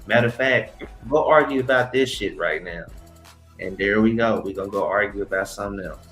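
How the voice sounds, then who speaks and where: A man's voice: fairly low pitch, a little fast, a bit bright, faint music behind, poor audio. A man co-hosting a casual podcast, ranting in a heated, profane way. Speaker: podcast co-host. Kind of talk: casual chat.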